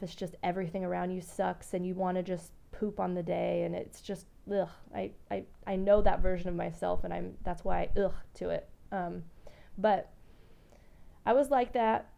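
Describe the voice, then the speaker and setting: In a casual storytelling monologue, a young woman podcaster shares something personal, frank and meandering, cursing freely. Her mid-range voice carries vocal fry and a dark tone.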